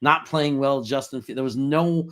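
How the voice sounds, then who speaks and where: A man co-hosting a casual sports chat, animated, chuckling often and talking in long run-on thoughts. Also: medium pitch, moderate pace. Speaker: podcast co-host.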